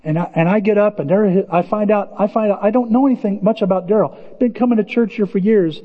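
A male pastor preaching a sermon in a lively, animated way, acting out quoted voices. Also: quick pace, long reverb tail, phone-quality sound. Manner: animated, acts out quoted voices with big pitch jumps.

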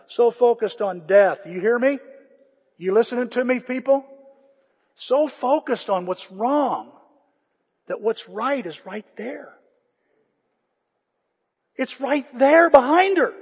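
Impassioned husky-voiced male pastor. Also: very high-pitched, lively intonation, takes it slowly. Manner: impassioned, swings from shouting to hushed. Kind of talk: sermon. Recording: echoey church hall.

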